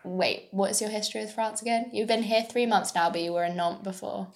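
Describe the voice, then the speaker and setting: A woman's voice: mid-range voice, steady tone, fairly quick. A woman co-hosting a podcast, telling stories in a chatty way, laughing often and swearing now and then. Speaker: podcast co-host. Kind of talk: casual chat.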